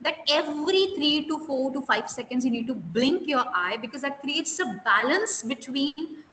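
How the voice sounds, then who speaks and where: High-voiced woman trainer. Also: expressive, normal speed, bright, forceful tone. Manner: emphatic, repeats key words, keeps quizzing the class. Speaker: soft skills interview trainer. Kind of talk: live online class lecture. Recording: echoey room with long reverb, faint hiss.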